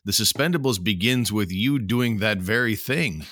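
A man hosting a casual podcast, quick to joke and laugh. His voice sits low but sounds bright and forward. The recording is dry and close, with faint music in the background. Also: dry recording. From Canada. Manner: upbeat, jokey, laughs easily. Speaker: podcast host. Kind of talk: casual chat.

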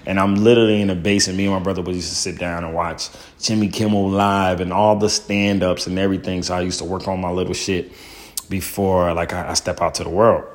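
A man, a stand-up comedian, telling his own story in a loose, profane way full of fillers and "boom". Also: level tone, quick pace. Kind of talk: casual storytelling.

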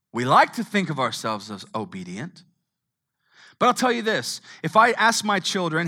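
A middle-aged man preaching a sermon. He swings from hushed tones to shouting. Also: a little high, big pitch swings, normal speed. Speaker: pastor.

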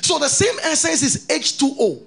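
A man preaching a sermon, reading scripture aloud and keeping on questioning his congregation in an animated way. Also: extremely high pitch, normal speed, gravelly, faint music behind. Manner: reads scripture aloud between explanations.

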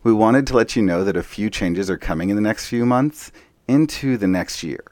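Male co-host, low voice, upbeat and friendly, dry sound, faint music behind. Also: expressive, normal speed, a little mellow, dry recording. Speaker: podcast co-host. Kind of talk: podcast intro and casual chat.

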